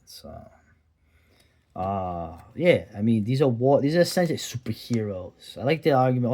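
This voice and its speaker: A man's voice: mid-range voice, expressive, moderate pace, darkish tone. Rambling man reviewing old comics. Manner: rambling, digressive, sardonic asides. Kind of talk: casual comic review commentary.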